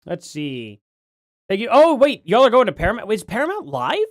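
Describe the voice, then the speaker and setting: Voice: medium pitch, huge pitch swings, normal speed, dry recording, clean studio sound. A livestream host chatting casually from home, rambling and correcting themself while reading out donations. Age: adult parent.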